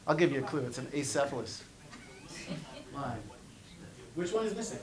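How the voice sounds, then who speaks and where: A man giving a lively conference lecture, reciting poems aloud and quizzing the audience. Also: mid-range voice, moderate pace, crowd noise. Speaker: conference speaker. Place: conference hall. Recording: echoey hall from far off.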